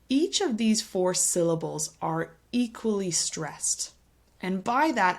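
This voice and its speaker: A woman teaching English pronunciation to camera, speaking clearly and patiently and tapping out rhythms to demonstrate. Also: on the low side. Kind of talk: explaining a language lesson to camera.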